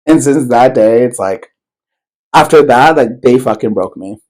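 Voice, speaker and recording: Slow-talking man telling a story. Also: mid-range voice, expressive, darkish tone, poor audio. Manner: loose and rambling, heavy swearing, many fillers. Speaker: podcast co-host. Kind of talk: casual storytelling chat.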